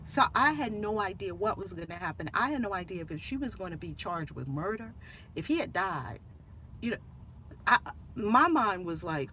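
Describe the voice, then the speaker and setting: A woman hosting her channel as a minister, telling a family story in casual chat, animated and laughing, acting out the voices of the people in it. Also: medium pitch, normal speed, a little hiss or hum.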